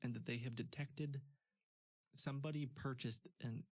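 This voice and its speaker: A man with a darkish, medium-pitched voice and fairly even intonation hosts a stream, talking at normal speed with no room sound. He chats casually, laughs often and uses many fillers.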